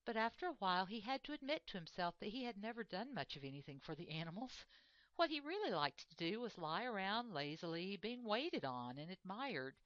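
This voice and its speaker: A woman reading a children's storybook aloud in an expressive, measured way. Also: medium pitch, dry recording. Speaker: reader. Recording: dull lo-fi dry recording.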